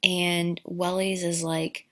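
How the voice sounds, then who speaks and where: A woman's voice: fairly low pitch, flat delivery, slow pace, sharp tone. A woman giving a crude, sarcastic comedic recap of a movie, rambling with asides.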